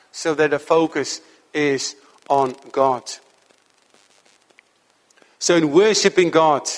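Guy preaching earnestly, kinda high voice, long church echo. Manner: earnest, measured preaching with slow emphatic stretches. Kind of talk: sermon.

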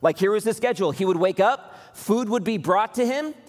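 A man's voice: high voice, animated, fairly quick, long reverb tail. A man preaching a sermon as pastor, earnest and building to impassioned appeals.

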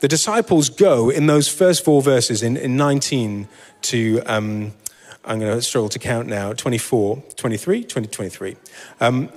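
Brief: male preacher, mid-pitched, informal Bible reading, long church-hall reverb. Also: moderate pace, a little mellow. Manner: informal and self-deprecating, with fillers and asides.

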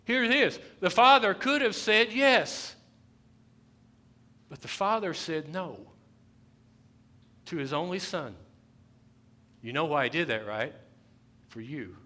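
A man preaching a sermon in church, his voice bright and a touch higher than most men. He repeats key phrases for weight and builds to loud, pressing bursts before dropping back down. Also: expressive, takes it slowly, long pauses. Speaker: pastor. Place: church sanctuary.

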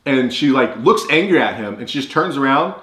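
A man's voice: medium pitch, expressive, a little fast, a bit bright. A man co-hosting a podcast, casually chatting about a movie and rambling as he retells its scenes. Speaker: podcast co-host. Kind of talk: casual movie-review chat. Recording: roomy echo.

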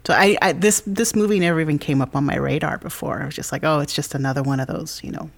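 A woman's voice: deep voice, fast, creaky. A woman on a movie podcast panel, candid about her tastes. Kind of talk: casual movie chat.

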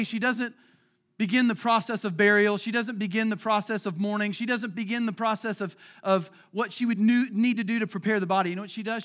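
A man preaching a sermon, earnest and halting, repeating words as he retells a scripture story, acting out its lines and dropping soft at tender moments. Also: sits high. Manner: earnest, repeats words, acts out quotes, drops to near whisper at emotional points. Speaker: pastor.

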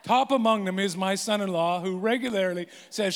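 Pastor, man, 50s, higher register, joking self-deprecating storyteller, reverberant hall. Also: brisk, few pauses. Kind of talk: sermon with humorous stories.

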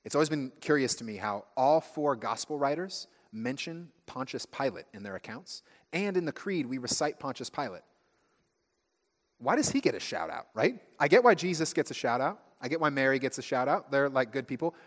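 A man preaching a sermon as pastor, telling stories with lively, acted-out asides. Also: mid-range voice, moderate pace. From United States. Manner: animated storytelling, acting out friends' voices. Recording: long hall reverb.

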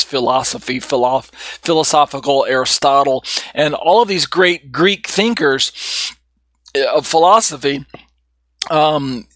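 Male Bible teacher, slightly high voice, loose rambling lecture delivery, dry close recording. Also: a bit bright, no echo. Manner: rambling, many restarts and fillers. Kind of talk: unscripted theology lecture.

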